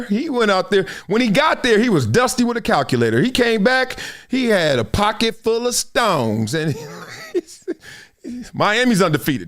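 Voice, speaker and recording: A man hosting a live sports talk show, giving opinionated commentary in a slangy, animated manner and laughing often. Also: on the high side.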